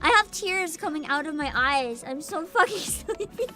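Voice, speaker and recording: A woman's voice: high voice, lively intonation, moderate pace, music in the background. A young woman hosting a casual VTuber livestream, sleepy and giggly, reading chat aloud. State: sleepy and tired.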